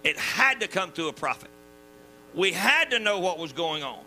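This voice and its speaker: Southern male preacher, high piercing voice, folksy emphatic sermon, hum under it. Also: very animated, normal speed, rough recording. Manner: folksy, emphatic preaching with sudden drops to quiet. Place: church.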